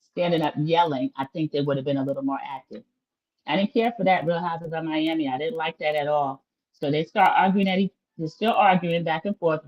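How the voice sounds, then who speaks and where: Opinionated woman gossiping to her viewers, lowish voice, muffled lo-fi stream audio. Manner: chatty, opinionated, talks straight to viewers. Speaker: reality TV recap host. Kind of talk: casual livestream recap commentary.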